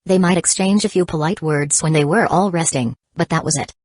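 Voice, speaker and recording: A woman reading an audiobook in a steady, even scripted narration. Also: sits low, a little fast, no room sound.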